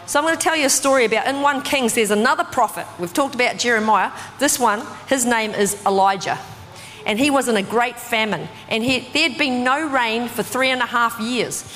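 A woman preaching a sermon in a conversational, animated way, full of casual fillers. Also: fairly high pitch, fairly quick, soft background music. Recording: distant voice with long hall reverb.

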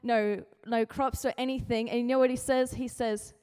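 A woman's fairly high, clear, resonant voice rings through what sounds like a large hall with long reverb. At normal speed, she gives a relaxed, casual youth sermon, chatty and playful, doing comic voices for people she quotes.

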